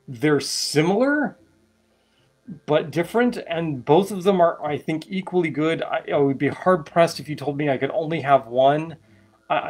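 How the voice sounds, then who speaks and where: Hosting a casual live stream, a man mixes cocktails while chatting and explaining what he's doing, throwing in wry asides. His voice is slightly high with a darkish tone.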